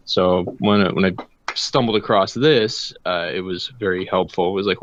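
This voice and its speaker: Relaxed guest man, muffled sound. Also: deep voice, a little fast, slight background noise. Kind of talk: casual chat. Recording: dull lo-fi sound.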